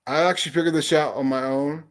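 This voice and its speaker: A man's voice: fairly high pitch, steady tone, fast talker. A man hosting a casual livestream chat, greeting viewers and talking bluntly with heavy swearing and frequent restarts. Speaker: livestream host.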